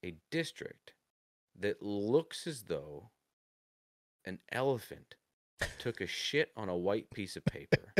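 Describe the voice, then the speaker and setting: A man's voice: fairly low pitch, big pitch swings, slow pace, pauses often, no echo, clean studio sound. A man co-hosting a casual political podcast, ranting sarcastically and swearing often. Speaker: podcast co-host.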